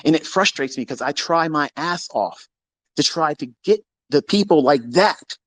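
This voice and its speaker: A man hosting a live audio space, ranting in a profane, combative, boastful way and swinging between low mutters and shouts. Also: animated, moderate pace, no echo.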